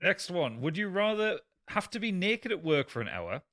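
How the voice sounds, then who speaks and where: A man's voice: sits high, sing-song, moderate pace, fairly bright tone, no room sound, studio quality. A man, hosting a podcast game and teasing the others with wry quips. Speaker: podcast host reading questions. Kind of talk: casual banter.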